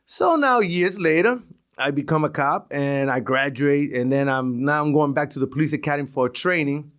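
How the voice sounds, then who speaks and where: A middle-aged guy tells stories from the street in a loose, profane way. He keeps tripping over and repeating his words. His voice sits a bit high for a man. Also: moderate pace, a bit bright. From East New York, Brooklyn. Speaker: retired police sergeant, guest. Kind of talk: casual storytelling.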